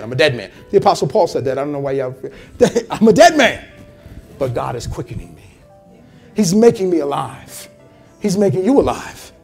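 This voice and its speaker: A man's voice: medium pitch, darkish tone. A male pastor preaching a sermon with passion, repeating phrases and calling out to the congregation. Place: church service in a hotel venue.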